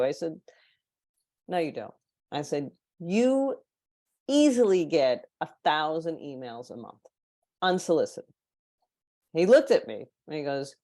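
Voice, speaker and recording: A woman's voice: low voice, normal speed, pauses often, no echo. A woman guest on a podcast, telling anecdotes in casual chat and acting out the people she quotes. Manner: animated, acts out quoted people. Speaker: podcast guest, marketing consultant.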